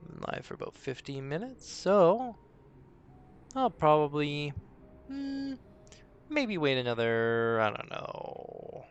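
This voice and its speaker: A man's voice: on the high side, sing-song, clear, resonant tone, muffled recording. A man streaming live as dungeon master, rambling and talking to himself while he waits for viewers. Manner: rambling, talks to himself between pauses. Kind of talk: casual live-stream chatter.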